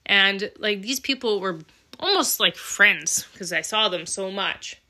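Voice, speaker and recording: Bright-voiced earnest woman podcaster. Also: medium pitch, animated, unhurried. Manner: earnest, emotional, swears casually. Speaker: podcast host. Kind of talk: candid personal monologue.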